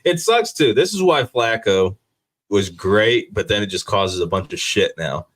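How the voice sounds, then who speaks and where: A man's voice: fairly low pitch, expressive, a bit bright. A young man co-hosting a casual sports podcast, blunt and swearing freely. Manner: blunt, swears freely, quick agreeing interjections.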